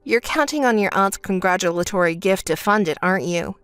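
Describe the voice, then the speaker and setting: A woman's voice: medium pitch, fairly quick, clear, resonant tone, no room sound, faint music behind, pitched below the performer's own voice, natural voice. A woman voicing a dry, fed-up older sister. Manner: flat, dry and dismissive. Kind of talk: texting story voice-over.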